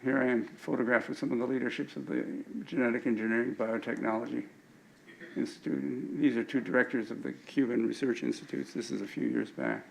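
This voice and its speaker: A man's voice: medium pitch, expressive, brisk, gravelly, slight background noise, poor audio. An older man giving an anecdotal lecture with slides at an alumni event, often stumbling and restarting his words.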